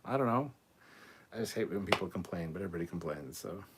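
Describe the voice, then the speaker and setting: A man's voice: low voice, animated, quick pace, background noise. A man hosting a casual livestream, reading out viewer comments and answering in a laid-back, blunt way with casual swearing. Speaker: host reading viewer chat.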